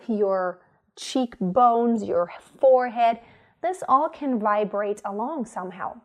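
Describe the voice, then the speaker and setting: A woman teaching singing, explaining vocal technique clearly and stopping to demonstrate tones. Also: a little high, darkish tone.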